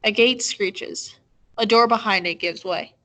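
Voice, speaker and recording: A woman reading a novel aloud in a measured, gentle storytelling manner. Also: mid-range voice, poor audio. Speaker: reader.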